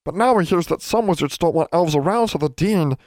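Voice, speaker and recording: A wistful, droopy-eared male elf from a storybook, with a high, oddly colored voice that sinks to a hush. He talks in broken, quaint grammar, played by a male narrator. The recording is close and dry. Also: lively intonation, brisk, no echo, lightly acted. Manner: ungrammatical, drops to a hush.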